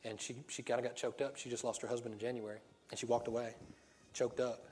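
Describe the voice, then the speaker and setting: A man's voice: mid-range voice, fairly even intonation, fairly quick, darkish tone, slight background noise. Man preaching in a chatty storytelling way. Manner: conversational storytelling, rhetorical questions, frequent laughs. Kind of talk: sermon.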